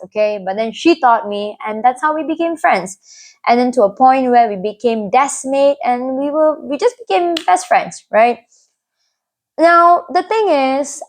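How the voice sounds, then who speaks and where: A young woman tells a personal story to camera in an earnest, confiding way, often checking in with "right?". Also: on the high side. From Malaysia. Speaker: vlogger.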